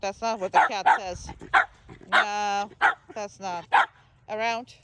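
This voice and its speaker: A dog trainer giving a live training lesson outdoors, mixing short commands with calm explanations and sing-song praise. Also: mid-range voice, heavy background noise. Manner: brisk short commands mixed with coaching explanations.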